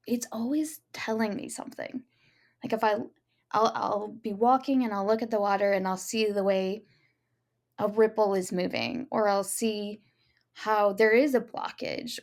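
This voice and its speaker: A woman co-hosting a podcast, speaking reflectively in casual spiritual chat with many fillers. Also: medium pitch. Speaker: podcast co-host.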